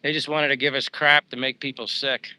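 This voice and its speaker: A man's voice: mid-range voice, level tone, brisk, pushed and bright, no echo. A man chatting casually on a live stream, rambling with many fillers as he answers viewers. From United States. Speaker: vlogger reading live chat. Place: outdoors while walking.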